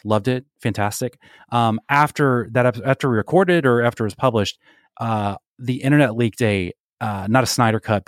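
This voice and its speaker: A man's voice: medium pitch, no echo, studio quality. A man co-hosting a casual podcast, leading the segments and bantering playfully with his co-host.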